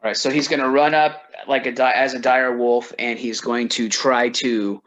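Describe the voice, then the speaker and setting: A man's voice: mid-range voice, steady tone, normal speed, a bit bright. A man playing a tabletop game, hesitant and thinking aloud about the rules. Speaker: player. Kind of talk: casual tabletop play.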